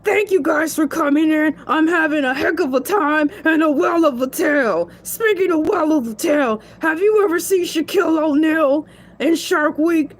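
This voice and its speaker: A woman's voice: high voice, moderate pace, close to an everyday voice. A woman voicing a cocky male shark who hosts a show, chatting playfully and bragging as he rambles. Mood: chatty. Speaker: stand-in show host. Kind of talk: comedic solo character show.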